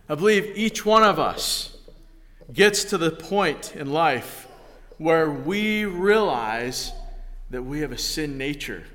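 A man preaching a sermon, telling a story slowly and deliberately before reading scripture. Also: a little high, lively intonation, a bit bright, long reverb tail. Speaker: pastor.

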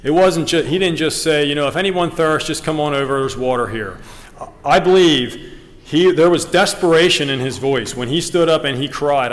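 Guy preaching a sermon, mid pitch, earnest, lots of ums and restarts, long hall echo. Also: fairly bright tone. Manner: reads scripture in King James wording.

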